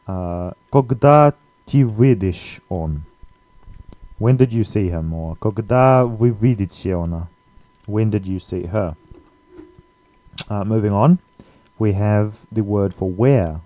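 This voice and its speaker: A relaxed man talks through a language lesson in a low, mellow voice, pausing on fillers as he goes. The sound is close and dry, with no room around it. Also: dry recording. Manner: relaxed, with frequent fillers and laughs. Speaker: language teacher.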